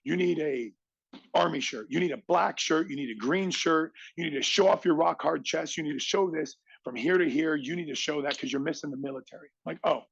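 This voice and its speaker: A middle-aged man speaks as a podcast guest with a raspy, gravelly, slightly high voice. He tells his story with motivational drive and acts out the people in it. The recording is dull and lo-fi, in a dry room. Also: fairly quick, no room sound. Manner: animated, acts out others' lines in quotes.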